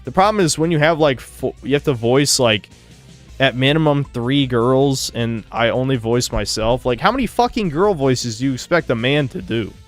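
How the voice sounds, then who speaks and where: A man hosting a podcast in casual chat, with a monotone voice and a crude, offhand way of talking that trails off. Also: mid-range voice, normal speed, faint music behind. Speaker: podcast host and streamer. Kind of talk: casual chat, reading viewer donations.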